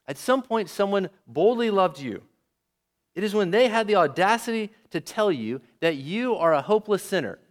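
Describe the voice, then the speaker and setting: A man preaching a sermon, lively and often asking his listeners questions. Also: sits high. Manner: lively, asks the audience questions.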